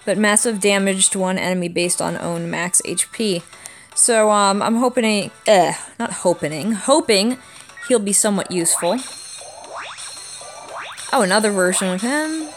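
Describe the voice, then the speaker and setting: This is a young woman sounding congested and stuffy from a cold, chatting casually on her gaming channel. She explains how the game works in a relaxed, friendly way, at a mid-range pitch for a woman. Faint music plays quietly in the background. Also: moderate pace. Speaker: YouTube gaming channel host. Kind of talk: casual gacha-game commentary.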